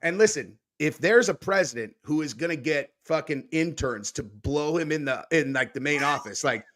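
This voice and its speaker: Male podcast co-host, casual and profane, fairly high voice, loose and animated. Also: moderate pace. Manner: profane, laid-back, animated storytelling. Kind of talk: casual chat.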